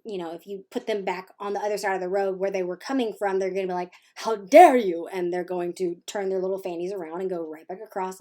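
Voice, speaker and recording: A woman vlogger telling a personal story in a casual, animated and playful way, acting out the voices in it. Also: mid-range voice. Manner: animated, playful, acts out quotes.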